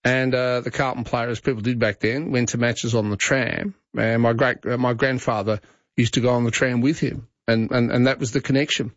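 A man's voice: mid-range voice, steady tone, fairly quick, no room sound. A middle-aged Australian man hosting talkback radio, chatting in a rambling way with restarts. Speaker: radio host. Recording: dry, slightly dull studio sound.

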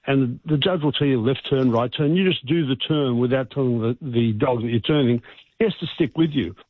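A man's voice: medium pitch, a little fast, no echo. A male vet, explaining earnestly and emphatically over the phone. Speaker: vet expert guest. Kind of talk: phone interview. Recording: tinny phone line.

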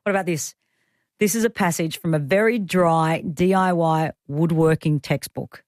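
A woman hosting a radio show in a studio, bubbly and quick to laugh, reading passages with playful drama. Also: low-pitched, a little mellow, dry recording. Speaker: radio host. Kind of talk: lively radio chat. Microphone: studio microphone.

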